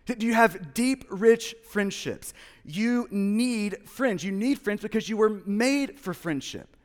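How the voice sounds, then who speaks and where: A man's voice: sits high, animated, slow, big-room sound. A man in his thirties preaching a sermon, earnest, often repeating words and restarting. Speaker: pastor.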